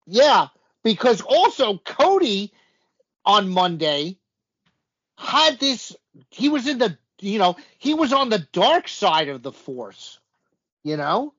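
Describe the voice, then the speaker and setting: A man's voice: high-pitched, very animated, slow pace, fairly bright tone, slightly rough. A man co-hosting a casual wrestling chat, recapping events in a rambling way with lots of fillers. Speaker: podcast co-host. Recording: dull lo-fi audio.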